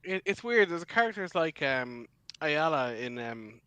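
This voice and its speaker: A man's voice: a little high, very animated, unhurried, sharp tone, clean tone, no echo, poor audio. A man co-hosting a casual chat, sharing trivia with many restarts. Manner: chatty, full of trivia and restarts. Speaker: podcast co-host.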